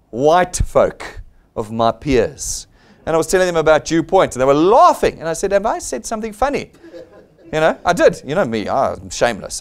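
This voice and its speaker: Animated South African man giving a sales seminar. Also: mid-range voice. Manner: blunt, persuasive, acts out quoted people. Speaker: seminar presenter. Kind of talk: motivational sales seminar talk.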